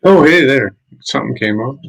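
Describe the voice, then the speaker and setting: A man's voice: mid-range voice, lively intonation, moderate pace, creaky, rough recording. A man chatting casually on a home livestream, laid-back and chatty, leaning on "like" a lot. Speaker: guest streamer. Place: home, living in Lima. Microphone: streaming mic setup.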